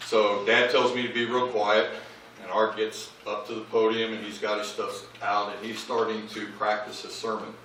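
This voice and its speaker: A man's voice: fairly low pitch, moderate pace, slight background noise. Man telling funny stories in an echoey hall. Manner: animated comic anecdotes, acting out quoted lines. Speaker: eulogist, child of the deceased. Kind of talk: humorous eulogy storytelling. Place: large memorial service hall. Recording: echoey hall, voice far from mic.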